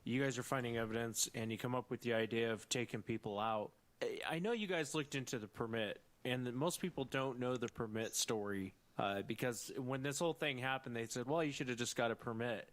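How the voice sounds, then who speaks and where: A man's voice: medium pitch, fairly quick. Man, interviewer, plain voice, sets up backstory, asks questions.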